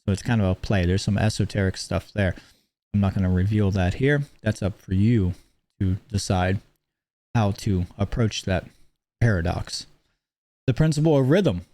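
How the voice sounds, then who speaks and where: A man lecturing in a measured, explanatory way, reading out principles and then commenting on them. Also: lowish voice, warm tone. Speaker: teacher. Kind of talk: lecture on esoteric teachings.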